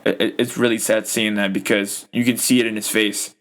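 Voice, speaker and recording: A man's voice: fairly low pitch, flat delivery, fairly quick, few pauses, a bit bright. A young man hosting a podcast, ranting about a football game in a heated, profane, rambling way full of fillers. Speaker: podcast host. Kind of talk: casual sports rant.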